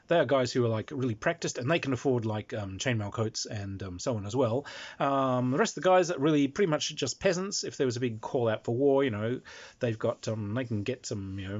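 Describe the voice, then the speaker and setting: A man's voice: medium pitch, lightly acted. Man doing a plain-spoken Saxon peasant. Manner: matter-of-fact, rambling. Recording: dull lo-fi recording.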